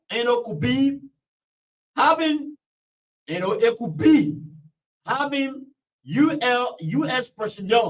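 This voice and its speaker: A man hosting a call-in political talk show, speaking emphatically, repeating himself and filling with "you know". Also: extremely high pitch. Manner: emphatic, repetitive, heavy use of "you know". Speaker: radio talk show host. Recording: dull, distant radio studio recording.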